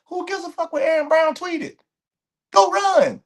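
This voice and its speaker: A man's voice: extremely high pitch, fairly even intonation, moderate pace, vocal fry. A man hosting a track and field commentary show, ranting bluntly to his viewers and repeating words as he restarts his points.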